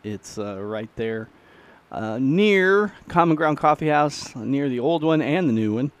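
A man's voice: mid-range voice, animated, unhurried, smooth. A middle-aged man, hosting his own podcast in a casual, folksy, self-deprecating ramble. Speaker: podcast host and musician. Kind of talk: casual solo chat.

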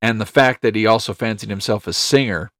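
Low-voiced man rambling through family stories. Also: a little fast, a bit bright, dry recording, clean studio sound. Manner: rambling storyteller, chuckles often. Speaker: podcast co-host. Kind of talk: casual chat.

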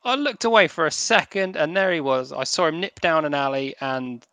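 Male player, apologetic and sheepish; bright, tense voice. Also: on the high side, moderate pace, clean tone, no room sound. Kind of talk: in-character play at a tabletop game.

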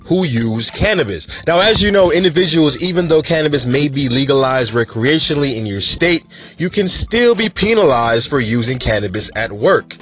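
A man hosting a casual cannabis news show, talking in an animated, chatty and emphatic way. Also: on the high side, normal speed, faint music behind.

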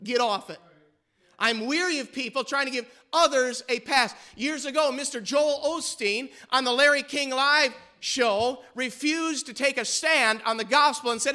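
A man's voice: very high voice, normal speed, pushed and bright. A male pastor preaching a sermon with fervor, pressing his listeners with rhetorical questions.

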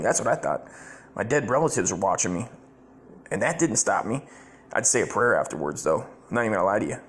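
A man's voice: fairly low pitch, lively intonation, a little fast, fairly bright tone, husky. A man giving crude comedic reaction commentary, blunt, rambling and full of profanity.

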